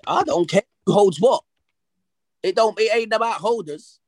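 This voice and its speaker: A man's voice: high voice, normal speed, no room sound. A man hosting a football podcast, talking in brash, slang-heavy banter. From England. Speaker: podcast host. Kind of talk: casual football podcast chat.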